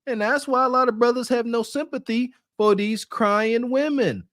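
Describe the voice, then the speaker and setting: A man's voice: very high-pitched, normal speed, fairly bright tone, no room sound, studio quality. A man co-hosting a podcast, giving mocking, preachy reaction commentary. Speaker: podcast co-host.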